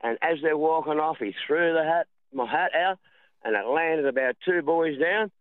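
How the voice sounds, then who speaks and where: A man's voice: a little high, moderate pace, dry recording. A man with an Australian accent calling in to a radio show, telling a rambling story and calling the host darling. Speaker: radio caller. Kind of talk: phone-in storytelling. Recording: phone line.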